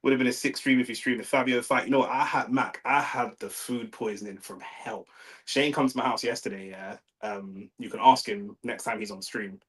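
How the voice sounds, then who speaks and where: A man's voice: medium pitch, steady tone, a little fast, a bit bright, rough recording. A young man with a London accent, hosting a live fight watch-along and chatting casually with slang. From London, England. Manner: slangy, laid-back, swears, reads chat aloud. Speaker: livestream host.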